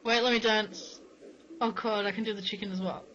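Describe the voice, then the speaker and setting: A man chatting casually while playing a game, excitable, crude and giggling often. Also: high voice, fairly quick, lo-fi sound, a crowd in the background. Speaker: gamer. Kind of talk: casual gameplay chat.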